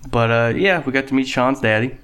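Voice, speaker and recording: A man's voice: medium pitch, a little fast, fairly bright tone, clean tone. A man co-hosting a podcast in casual chat, joking and swearing as he rambles. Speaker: podcast co-host.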